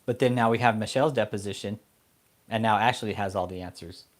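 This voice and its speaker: A man's voice: on the low side, a little fast. A man hosting an online commentary show, ranting angrily and profanely at a preacher, mocking him with insults. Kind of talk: casual profane rant.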